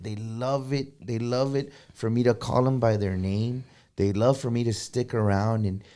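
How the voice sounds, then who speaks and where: Man telling stories, mixing in Spanish. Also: medium pitch. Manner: animated, drops Spanish phrases. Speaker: guest musician. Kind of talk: casual storytelling chat.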